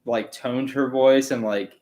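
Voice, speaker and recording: A man's voice: medium pitch, steady tone, moderate pace, darkish tone, rough recording. Young man, podcast co-host, blunt, wry, dismissive, casual chat.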